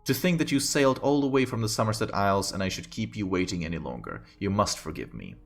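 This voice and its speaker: A man's voice: lowish voice, very animated, quick pace, vocal fry, soft background music, heavily acted. A man voicing a silky, scheming queen. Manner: silky, haughty, mock-polite. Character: scheming regal queen mother, woman.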